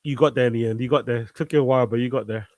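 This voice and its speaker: A man's voice: mid-range voice, fairly even intonation, rapid-fire, darkish tone, no echo. A man chatting casually as a guest on a live stream, laid-back and rambling, swearing now and then. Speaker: guest, fellow show host.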